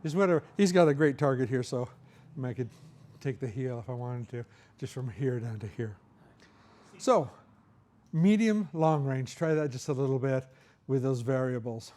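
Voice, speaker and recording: With a mellow, mid-range voice and lively intonation, a middle-aged martial arts instructor speaks at a moderate pace and pauses often. Demonstrating moves at a hands-on seminar, he narrates each one and keeps asking "right?".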